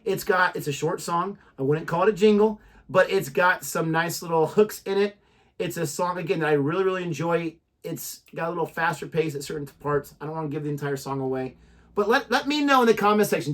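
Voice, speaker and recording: A man's voice: fairly high pitch, expressive, brisk. A man hosting a casual music reaction chat, chatty and opinionated as he sets up the song. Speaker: reaction channel host.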